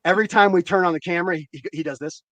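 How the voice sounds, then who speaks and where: Male host, casual chat, swears freely, rambles, slightly high pitch. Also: a loud crowd. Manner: loose and profane, rambling with quick asides. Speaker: host of a growing show.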